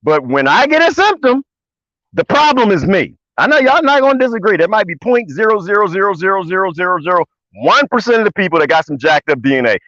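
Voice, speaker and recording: Middle-aged man, high lively delivery, folksy rambling vlog rant; dull dry recording. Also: fast talker, dry recording. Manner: animated, rambling, folksy, swings to high excited pitch. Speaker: vlogger. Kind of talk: casual rant to viewers. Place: outdoors in the desert.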